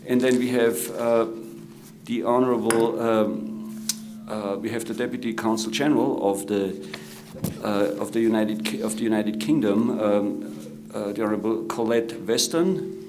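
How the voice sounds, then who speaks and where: A middle-aged man with an Austrian German accent who moderates a conference panel, introducing guests formally and pausing often with "uh". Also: lowish voice, over music. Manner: halting, many "uh" fillers. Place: conference room.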